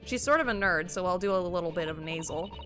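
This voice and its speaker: A woman's voice: fairly low pitch, expressive, quick pace. A woman streaming a game, chatting playfully and reading lines aloud. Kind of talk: casual game stream commentary. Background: game music.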